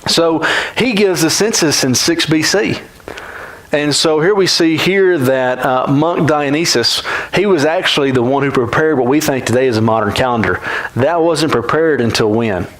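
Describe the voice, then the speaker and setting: A man's voice: fairly high pitch, moderate pace, rough recording. A man teaching a Bible class in a church classroom, talking conversationally and often checking in with the class by asking "right?".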